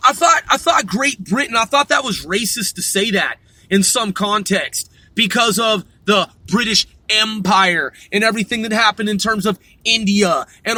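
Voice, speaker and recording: A man's voice: high-pitched, bright, forceful tone, no room sound. A man hosting a vlog, ranting profanely and arguing with a voice assistant in exasperation. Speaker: vlog host. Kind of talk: ranting commentary.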